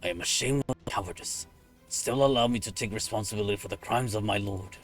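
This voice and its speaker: A man voicing a loyal, solemn warrior monk with a gravelly voice, reading game dialogue in formal, deliberate speech. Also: fairly low pitch, soft background music, close to an everyday voice. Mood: resolute.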